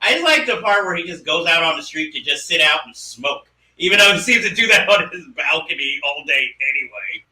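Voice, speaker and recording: A man co-hosting a casual movie discussion podcast, animated and laughing often as he acts out lines. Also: on the high side, brisk, few pauses, reverberant, distant mic, low-quality recording. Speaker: podcast co-host.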